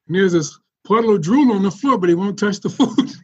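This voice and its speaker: A man telling animated stories as a podcast guest, laughing often as he goes. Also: high-pitched, brisk, hardly any pauses, husky, dull audio. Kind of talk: casual storytelling.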